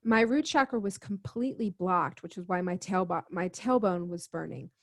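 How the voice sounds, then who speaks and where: A woman's voice: fairly low pitch, normal speed. A woman, a guest healer, earnestly telling a personal story in an interview and acting out the dialogue as she goes. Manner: earnest, quotes herself and others in dialogue. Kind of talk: conversational storytelling.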